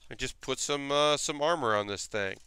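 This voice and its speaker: A man's voice: mid-range voice, moderate pace, pushed and bright, smooth, dry recording. Chatty man streaming from his workshop. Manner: rambling, chatty, many fillers. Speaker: streamer building costume armor. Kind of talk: casual chat with live chat. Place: home workshop.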